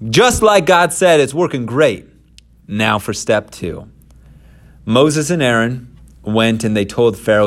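A man teaching scripture through a casual, lively retelling. His voice sits in a middle range, and he mixes the story with relaxed asides to the listener. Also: mid-range voice, slow. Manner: conversational, animated storyteller.

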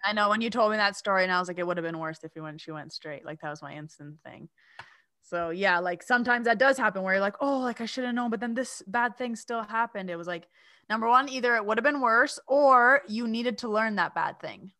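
A woman in her thirties talks in a relaxed podcast chat, animated and quick to break into playful loud yelling. Her voice sits at an ordinary middle pitch. The sound is dry and close, with no room in it. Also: dry recording. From Lebanese heritage. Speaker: co-host, spiritual coach.

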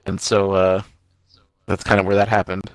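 A man's voice: sits low, little pitch movement, normal speed, no echo. A man co-hosting a casual movie review podcast, retelling the plot with quoted lines and loose swearing. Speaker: podcast co-host.

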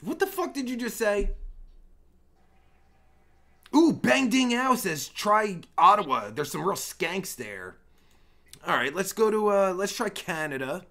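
A man's voice: sits high, sing-song, a little slow, pauses often, bright, forceful tone. A male livestream host giving crude, profane, rambling commentary while chatting with strangers online.

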